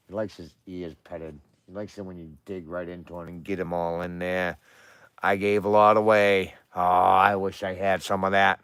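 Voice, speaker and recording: A man hosting a casual livestream from outdoors at home, chatting with viewers and cooing softly to his dogs. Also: deep voice, fairly even intonation, normal speed. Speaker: livestream host. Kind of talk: casual live chat.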